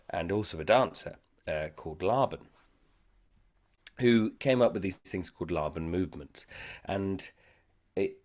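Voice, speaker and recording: Deep voiced actor guy chatting in an interview, lots of ums, thoughtful. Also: a little mellow. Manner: hesitant, many fillers, thoughtful. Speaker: actor and guest. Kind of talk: casual interview chat.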